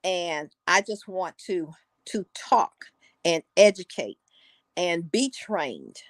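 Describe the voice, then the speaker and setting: A woman's voice: fairly low pitch, expressive, slow pace, no room sound. An older woman, a guest on a talk show, talking casually and telling a folksy story with repeated words for emphasis.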